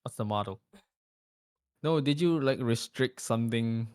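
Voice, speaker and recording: A man's voice: medium pitch, measured pace, darkish tone, clear, resonant tone, no room sound. Teasing guy co-host. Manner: teasing, dry questions. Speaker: co-host guest. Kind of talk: casual live-stream chat.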